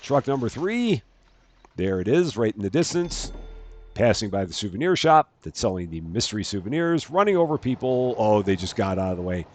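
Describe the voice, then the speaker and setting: A man's voice: lowish voice, sing-song, moderate pace. A man hosting a let's-play, chatting casually and narrating each task aloud, often correcting himself. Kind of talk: casual gameplay commentary.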